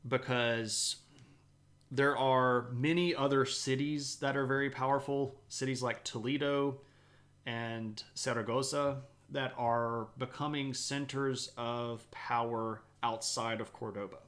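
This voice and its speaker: A man from the southeastern United States with a light Southern accent, giving a live-streamed history talk and chatting with viewers, with many pauses and fillers. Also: medium pitch, fairly bright tone. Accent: light Southern American.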